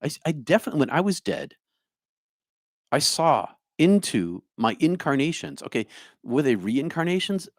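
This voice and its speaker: A man's voice: on the high side, big pitch swings, moderate pace, dry recording, clean studio sound. Musing New Jersey man reading chat. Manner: musing, talks to viewers by name, hums to himself. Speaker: spiritual speaker reading live chat. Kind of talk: livestream chat reply.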